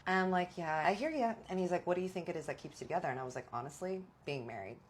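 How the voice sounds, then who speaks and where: A young woman telling a personal story in a casual, animated way, acting out the dialogue. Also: on the low side, very fast, a little hiss or hum. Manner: animated, dramatic retelling with quoted dialogue.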